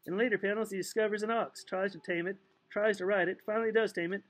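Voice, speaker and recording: A man's voice: high voice, steady tone, quick pace, a bit bright, faint music behind, low-quality recording. A man reading a novel aloud in a loose, playful way, stumbling now and then and making asides. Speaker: audiobook reader. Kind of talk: casual read-aloud narration.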